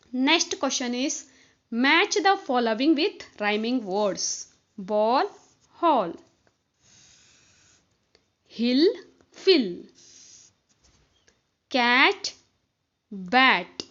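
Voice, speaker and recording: Slow high-voiced woman spelling words. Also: sing-song, a bit bright, muffled recording. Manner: spells words letter by letter, then repeats them. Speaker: kindergarten tutor. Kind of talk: slow spelled-out worksheet walkthrough.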